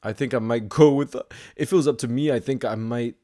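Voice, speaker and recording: A young man at a mid pitch, talking loosely through a live match stream while he answers viewer messages. He stays casual and chatty, then breaks into excited shouts when something big happens. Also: brisk. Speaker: football streamer reacting live. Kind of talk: casual live watch-along chat, reading viewer messages.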